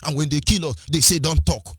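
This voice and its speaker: A man's voice: a little high, a little fast, fairly bright tone, breathy edge, dry recording, clean studio sound. A Nigerian man with a Nigerian accent giving an impassioned political address, firing rhetorical questions, repeating phrases and switching between languages. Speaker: activist speaker.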